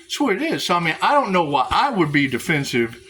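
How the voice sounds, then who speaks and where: A man's voice: fairly high pitch, very animated, fast, fairly bright tone, husky. A man rambling to his viewers in a spiritual vlog, sarcastic, swearing and laughing often. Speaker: spiritual vlogger.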